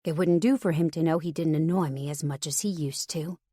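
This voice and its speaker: A woman narrating a first-person romance audiobook in a steady, wry storytelling manner. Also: low-pitched, fairly quick, dry recording, clean studio sound.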